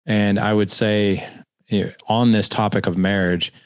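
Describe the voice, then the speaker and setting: A man's voice: lowish voice, flat delivery, measured pace, smooth, no echo. A man hosting a podcast interview, reflecting on what his guest says and asking follow-up questions. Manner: engaged, reflective, sums up and asks follow-up questions. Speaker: podcast host.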